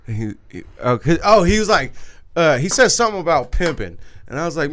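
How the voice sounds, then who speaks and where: Bright-voiced man telling crude stories. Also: fairly high pitch, big pitch swings, quick pace. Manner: crude, rambling, laughs while telling stories. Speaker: podcast co-host. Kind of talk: casual storytelling chat.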